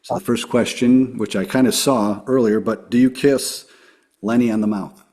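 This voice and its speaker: A man hosting a casual podcast, asking quick upbeat questions. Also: mid-range voice, fairly even intonation, darkish tone. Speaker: podcast host. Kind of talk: casual interview chat.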